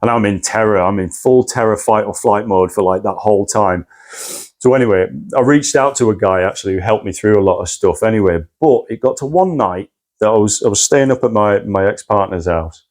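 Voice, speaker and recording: A man's voice: on the low side, brisk, darkish tone. A man recounting a personal crisis as a podcast guest, intense and swearing often. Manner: intense, swears often, acts out his own past cries. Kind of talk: candid personal story.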